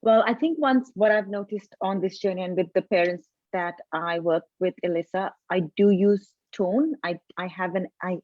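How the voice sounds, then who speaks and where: A woman's voice: on the low side, steady tone, normal speed, hardly any pauses, no echo, muffled recording. A woman in her forties, a parenting coach, explaining earnestly in a casual live video chat, often restarting her sentences. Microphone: video call.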